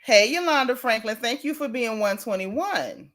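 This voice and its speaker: A middle-aged woman, hosting a casual gossip livestream, animated and sassy as she reads out viewer comments. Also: a little high, moderate pace. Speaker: livestream host.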